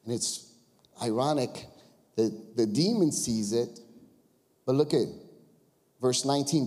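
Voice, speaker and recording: Man, pastor, sermon, animated, conversational, rhetorical questions, long church reverb. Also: a little high, a little slow.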